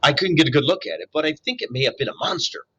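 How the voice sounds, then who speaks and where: A man's voice: a little high, sing-song, fast talker, pushed and bright, slightly rough, exaggerated voice. A man voicing a jittery, suspicious male owl with a screechy delivery. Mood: urgent.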